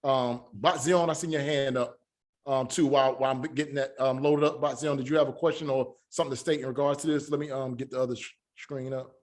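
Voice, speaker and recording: A man's voice: medium pitch, fairly even intonation, a little mellow. Man teaching Hebrew sounds online. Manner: halting, many fillers and restarts; spells out sounds slowly.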